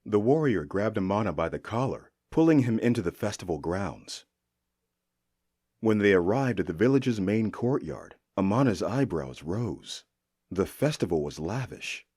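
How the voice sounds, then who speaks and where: A male audiobook narrator with a low, husky voice, telling a fantasy tale in an expressive way. His tone is dark and mellow, and his pitch moves in a lively way through the sentences. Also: normal speed. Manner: expressive storytelling delivery.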